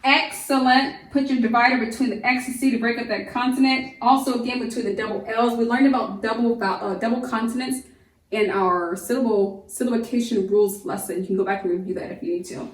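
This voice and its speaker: A woman homeschool teacher giving a phonics lesson to young children, stretching out each word slowly and explaining patiently. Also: on the high side, steady tone, recorded from a distance. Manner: slow, drawn-out sounding of words, patient explaining. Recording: echoey room, voice off-mic.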